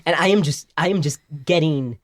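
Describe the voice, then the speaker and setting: A man telling an embarrassing story in casual podcast chat, animated and self-deprecating, full of "like" and "right?". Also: a little high, fairly quick, no room sound, studio quality. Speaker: podcast co-host.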